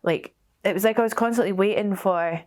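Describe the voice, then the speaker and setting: A young woman telling her story as a bereaved mother, halting and emotional, with many restarts. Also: mid-range voice, a little mellow. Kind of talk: personal testimony.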